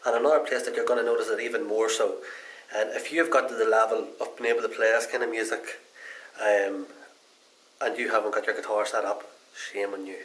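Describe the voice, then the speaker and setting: A man talks through a casual guitar repair demo in loose, rambling sentences. His voice sits a little on the low side, and his tone stays folksy and unhurried. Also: steady tone, a bit bright, poor audio. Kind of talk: casual how-to demonstration.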